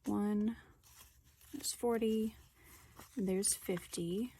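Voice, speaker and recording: A woman's voice: medium pitch, fairly even intonation, extremely slow, dark tone, slight background noise. Chatty young woman vlogging from her floor. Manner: chatty, self-deprecating, counting bills aloud under her breath. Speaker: budgeting vlogger. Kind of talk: casual chatty narration. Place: indoors, sitting on the floor at home.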